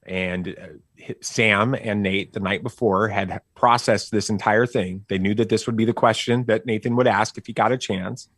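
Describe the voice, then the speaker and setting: Give me a middle-aged man as a podcast guest, low-voiced and dry, rambling through a family story. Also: normal speed, no room sound. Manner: animated, rambling with fillers and restarts. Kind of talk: casual storytelling.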